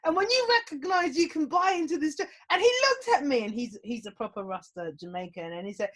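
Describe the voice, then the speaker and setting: Animated woman sharing coping tips. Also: on the high side, brisk, hardly any pauses. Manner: animated, laughs often while telling stories. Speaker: guest giving mental health advice. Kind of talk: casual interview talk.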